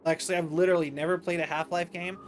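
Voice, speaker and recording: High-voiced, tired, rambling streamer man. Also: little pitch movement, racing, slight background noise. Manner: rambling, self-interrupting, chatty. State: tired, yawning. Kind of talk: casual livestream commentary.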